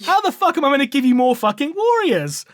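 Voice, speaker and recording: A man's voice: very high-pitched, big pitch swings, fast talker, no room sound, clean studio sound, pitched above the performer's own voice. A man voicing a belligerent warrior chapter master in a swearing tirade. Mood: furious.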